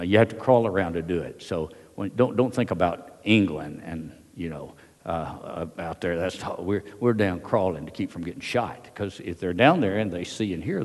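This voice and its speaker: An older veteran with a drawl tells a wartime story to a hall audience, his very deep voice darkish in tone. His delivery is folksy and halting, full of uh's, and the long reverb of the large hall rings around him.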